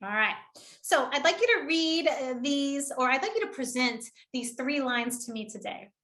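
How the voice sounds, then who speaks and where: A woman with a high, bright voice leads an online public speaking workshop at a moderate pace. She is energetic and encouraging, laughing often as she coaches participants.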